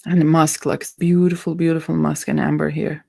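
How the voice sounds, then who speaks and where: In a low, level, gravelly voice with a darkish tone and no echo, a woman talks a little fast while hosting a casual perfume review livestream. She's playful and goofy, giggling as she chats with her audience and reflects on the fragrances.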